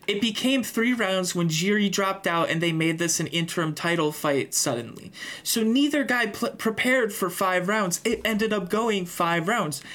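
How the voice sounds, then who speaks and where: A man's voice: high voice, animated, moderate pace, a bit bright. A man co-hosting a casual sports podcast, heated and swearing as he retells events. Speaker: podcast co-host.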